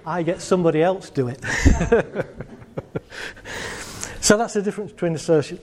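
A middle-aged man speaks casually to a live audience, his voice mellow and a little higher than most men's. He is chatty and jokey, often laughing at his own anecdotes. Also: animated, moderate pace, long pauses. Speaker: speaker giving a talk on assertiveness.

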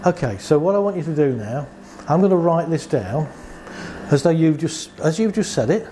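A man on the high side, animated and dark-toned, speaks at normal speed about his work as a therapist. He narrates client anecdotes, playing both roles and using rhetorical questions. There's a little hiss or hum.

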